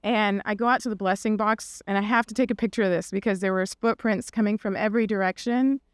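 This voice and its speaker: A woman's voice: medium pitch, fairly even intonation, quick pace, clear, resonant tone, no echo, studio quality. A middle-aged woman, a podcast guest, telling a personal story in a casual, chatty way, full of fillers and "like"s, acting out the quoted voices.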